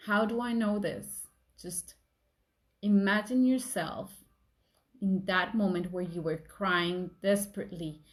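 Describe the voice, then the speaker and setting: A young woman giving a gentle talk about emotions, softly reassuring and acting out inner thoughts. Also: mid-range voice.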